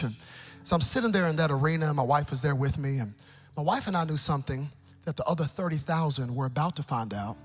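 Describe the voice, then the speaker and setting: A male pastor preaching a sermon at a live church service, with animated storytelling that acts out quotes. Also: medium pitch, moderate pace, long pauses, slightly rough.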